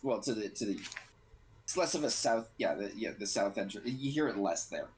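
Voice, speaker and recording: A man running a tabletop game as game master, relaxed and rambling, often correcting himself mid-sentence. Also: on the low side, normal speed, a little hiss or hum, low-quality recording.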